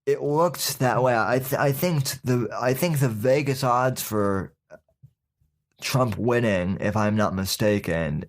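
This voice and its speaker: A podcast host with a voice on the low side offers casual opinion commentary in a folksy, sarcastic manner, addressing his listeners as "folks." His speech is halting, full of fillers and restarts.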